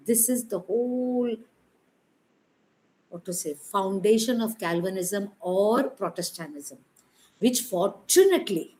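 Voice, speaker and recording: A woman's voice: mid-range voice, darkish tone, poor audio. A woman, giving an informal sermon in a conversational, emphatic way with many rhetorical questions. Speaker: preacher.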